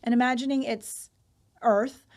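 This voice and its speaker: A woman's voice: on the high side, fairly even intonation, unhurried, darkish tone. A middle-aged woman hosting a candid interview, talking frankly and emotionally, swearing casually, over a video call. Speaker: host.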